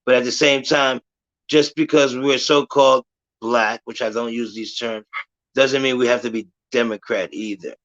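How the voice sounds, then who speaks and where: Calm, lecturing man on lo-fi stream audio. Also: medium pitch. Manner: measured, lecturing, says he wants to stay calm and logical. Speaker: live stream host. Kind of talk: casual talk on a live stream.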